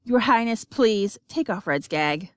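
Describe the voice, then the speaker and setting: A woman's voice: mid-range voice, big pitch swings, a little fast, dry recording. A woman reading an audiobook, voicing an anxious, trapped young man who talks in a pleading way.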